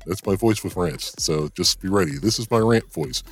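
A man's voice: low voice, animated, moderate pace, breathy edge, faint music behind. A man guest-hosting a podcast, talking casually and ranting bluntly with profanity and laughing asides. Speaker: guest host. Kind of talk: casual podcast monologue and rant.

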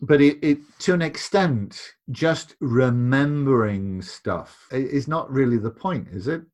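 A man's voice: medium pitch, animated, unhurried, darkish tone. A man speaking as a podcast guest in casual conversation, emphatic, and repeating words when he presses a point.

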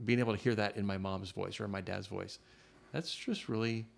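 A man hosts a relaxed, casual podcast interview in a low voice full of gravelly fry. He speaks thoughtfully and haltingly, pausing with fillers as he works out each idea.

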